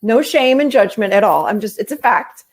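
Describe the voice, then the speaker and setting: With a medium-pitched, slightly breathy voice at normal speed, a female therapist and life coach talks through ideas casually. Her explanations include vivid anecdotes in which she performs the voices of those she quotes.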